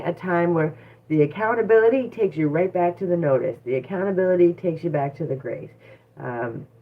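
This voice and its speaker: A personal growth coach giving a casual live-streamed teaching talk, earnest and repetitive, with lots of fillers and asides to viewers. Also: mid-range voice. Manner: earnest, repeats points, many fillers, chats with viewers. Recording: tinny phone-like sound.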